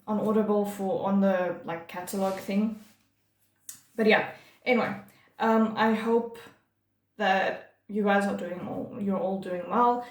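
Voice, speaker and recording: Female book vlogger, casual and effusive, mid-pitched, recorded in an echoey room. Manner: chatty and gushing, many fillers and restarts. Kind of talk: casual monthly reading wrap-up.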